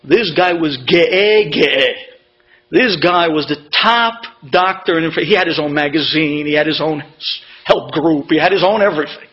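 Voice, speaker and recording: Man, higher voice, emotional storyteller, dramatic pauses, dull lo-fi sound, mains hum. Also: fairly bright tone. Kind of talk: inspirational personal story.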